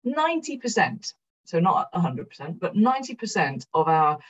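A keynote speaker from South Wales talks candidly in a conference room, frank and energetic, swearing casually and mocking herself. Her voice is husky and low-pitched and fairly quick. She sounds distant, on dull audio.

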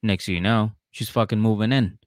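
A man's voice: fairly low pitch, fairly even intonation, brisk, no room sound, clean studio sound. A man co-hosting a casual podcast, laid-back, giving short reactions and laughing often. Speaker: podcast co-host. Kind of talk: casual chat.

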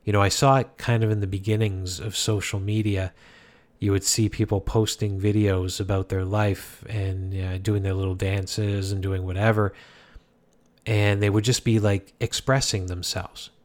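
Guy with a lowish voice, calm rambling self-help talk, keeps restarting sentences. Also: normal speed. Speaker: speaker giving life advice.

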